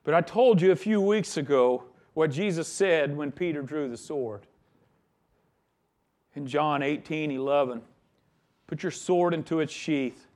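A man's voice: a little high, unhurried, darkish tone. A man preaching a sermon, emphatic, with his voice rising and dropping in volume. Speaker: pastor.

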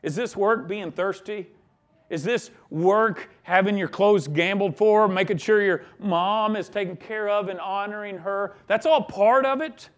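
A man's voice: high-pitched, unhurried. A man preaching a sermon, emphatic, with his voice rising and dropping in volume. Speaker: pastor.

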